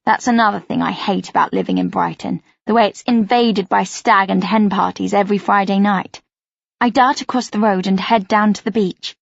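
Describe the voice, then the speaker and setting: A woman's voice: medium pitch, steady tone, normal speed, creaky, no echo, muffled recording. Brief: woman narrator reading a first-person novel expressively, dry close sound. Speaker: audiobook narrator.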